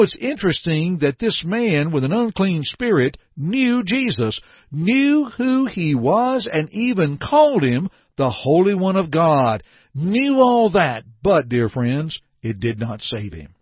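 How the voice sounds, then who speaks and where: Brief: male preacher, earnest and emphatic sermon delivery, slightly high voice, dry, dull recording. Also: breathy edge, no room sound. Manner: earnest, emphatic, addresses the listeners as dear friends. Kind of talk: sermon with scripture reading.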